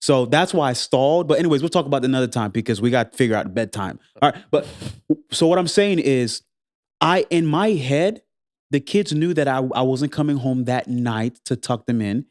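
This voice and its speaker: A man's voice: medium pitch, fairly quick, no room sound, studio quality. A man co-hosting a podcast with his wife, chatting casually and playfully, acting out quotes as he tells a story. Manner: playful, animated storyteller who acts out quotes. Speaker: podcast co-host. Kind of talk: casual chat.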